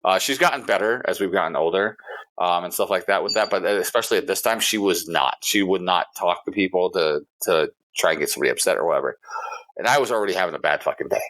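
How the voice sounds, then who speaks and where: A man's voice: low-pitched, fast talker, a bit bright. A man co-hosting a casual podcast, telling a story in a heated, profane way. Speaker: podcast co-host.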